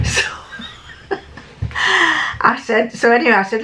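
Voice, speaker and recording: A woman's voice: a little high, unhurried, long pauses, fairly bright tone. An older woman, chatting casually to camera as a sewing vlogger. She rambles and often restarts or corrects herself mid-sentence.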